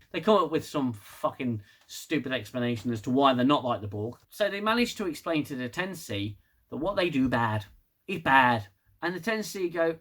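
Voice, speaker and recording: Male reviewer, slightly high voice, sarcastic and rambling, swears freely. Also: animated, normal speed, fairly bright tone. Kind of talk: casual solo review.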